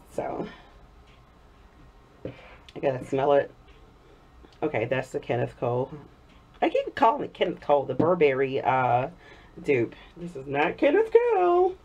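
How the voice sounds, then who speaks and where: Brief: woman soap-making vlogger, a bit hoarse from a cold, lower-pitched and very lively in intonation, dull lo-fi sound. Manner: chatty, warm thanks to viewers, frequent laughs. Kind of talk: casual chat while crafting. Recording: dull lo-fi recording.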